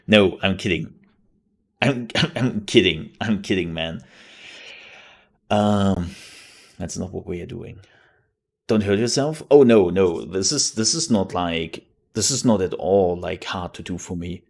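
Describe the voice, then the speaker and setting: Male streamer, casual joking chat, slow delivery, gravelly low voice. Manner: joking, laughs often.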